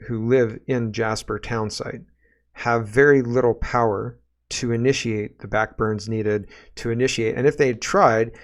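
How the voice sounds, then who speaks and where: A man's voice: medium pitch, steady tone, a little slow. A man from Canada hosting his own political commentary show, talking off the cuff in an ordinary mid-range voice. He reads viewer comments and then reacts to them. His tone is sarcastic and exasperated.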